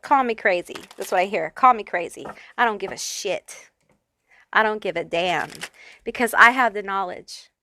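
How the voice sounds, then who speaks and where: A woman's voice: medium pitch, normal speed, bright, forceful tone, dry recording. A woman giving a pick-a-card tarot reading, talking straight to the viewer in a blunt, profane, fired-up way. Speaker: tarot reader.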